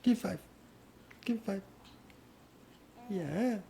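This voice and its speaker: Man, father coaxing baby to talk, teasing and playful, mellow tone, slow, echoey room. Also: high-pitched, animated, gravelly, slight background noise.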